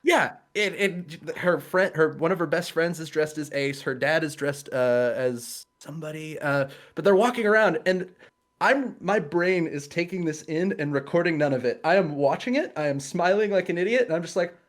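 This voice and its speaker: A man's voice: fairly high pitch, normal speed. A man, a guest cosplayer on a livestream, telling a casual story with laughs and quoted voices over a video call.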